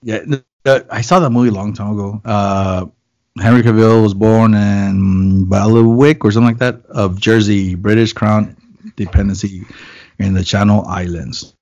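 A man's voice: lowish voice, steady tone, moderate pace, a little mellow, muffled recording. A man chatting casually as a podcast co-host, loose and rambling, swearing and joking. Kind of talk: casual chat.

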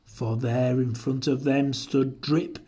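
A storyteller reading a rhyming picture book aloud with an expressive, lilting delivery. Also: mid-range voice, slow pace, husky.

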